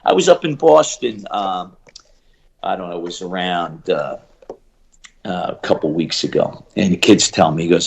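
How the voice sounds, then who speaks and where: A middle-aged man, a shooting coach, telling stories in an animated interview and acting out the people he quotes. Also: sits low, gravelly. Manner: acts out quoted voices, fast bursts and emphatic repeats.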